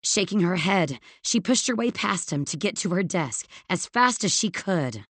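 A woman narrating a novel in a measured, expressive storytelling manner. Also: on the low side, no room sound. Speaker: audiobook narrator. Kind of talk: scripted narration.

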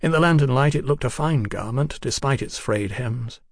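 Brief: male audiobook narrator, mid pitch, measured and unhurried, dry studio sound. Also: no room sound. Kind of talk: scripted novel narration.

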